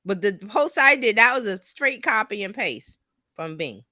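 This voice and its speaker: A middle-aged woman co-hosting a casual business chat, animated and jumping high in pitch when she quotes herself. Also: moderate pace, no echo, studio quality. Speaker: co-host, business coach. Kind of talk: casual live-stream chat.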